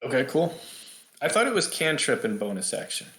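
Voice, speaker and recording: A man's voice: medium pitch, sing-song, a little fast, fairly bright tone, roomy sound. A man running a tabletop game as game master, checking rules and asking his players questions.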